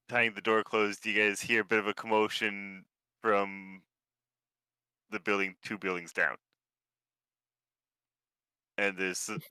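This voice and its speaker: A man narrating a tabletop game as game master, in an unhurried, halting way with fillers. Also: lowish voice, bright, forceful tone, clear, resonant tone, dry recording.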